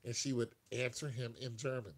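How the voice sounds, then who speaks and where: Male live-stream host, casual and rambling, laughs a lot, voice of middling pitch. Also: little pitch movement, fairly quick, slightly rough.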